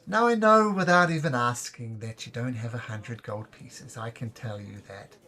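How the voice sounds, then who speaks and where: A man voicing a kindly, encouraging male minstrel in a tabletop game. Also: moderate pace. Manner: kindly, flattering, high-pitched.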